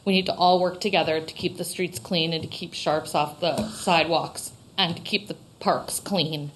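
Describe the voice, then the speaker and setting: A woman's voice: deep voice, steady tone, normal speed, poor audio. An earnest woman from Vermont speaks at a town meeting microphone, her voice heartfelt and openly emotional. She is a local shop owner making a public comment, with a faint hiss in the background.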